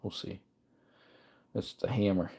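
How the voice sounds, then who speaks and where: A man's voice: low-pitched, takes it slowly, mellow, husky. A man casually chatting on a livestream, reading comments aloud while tinkering with parts. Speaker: livestream host.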